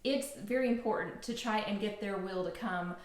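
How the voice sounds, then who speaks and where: A middle-aged woman hosting a parenting blog, giving calm, earnest advice in a casual talk. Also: medium pitch, normal speed. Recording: echoey room.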